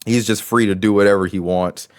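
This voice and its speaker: A man's voice: lowish voice, fairly even intonation, brisk, clean tone, no echo, clean studio sound. Rambling man reviewing a wrestling show. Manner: rambling, with many restarts and fillers. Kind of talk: casual commentary.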